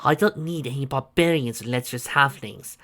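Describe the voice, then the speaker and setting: A reader voicing a haughty, sharp-tongued female elf archer in a fantasy tavern story, scornful and threatening. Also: mid-range voice, fairly quick, natural voice.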